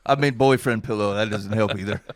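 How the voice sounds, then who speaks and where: A man's voice: fairly low pitch, moderate pace, dry recording. A man co-hosting a podcast in casual chat, wry and rambling, laughing easily. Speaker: podcast co-host.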